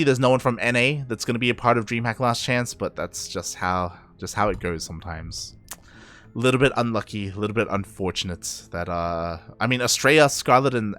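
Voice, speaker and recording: Young male caster, Australian accent with a Latin American lilt, tired, casual and loose, mid-pitched. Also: a bit bright. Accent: Australian with Latin American influence. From Australia, Peruvian parents. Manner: rambling, self-correcting, chuckles often. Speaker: esports caster. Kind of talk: casual stream wrap-up chat.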